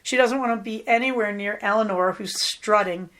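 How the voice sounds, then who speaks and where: A woman's voice: medium pitch, normal speed, fairly bright tone. Chatty woman podcast host, middle-aged. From Southern California. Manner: chatty, rambling and affectionate. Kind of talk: casual chat.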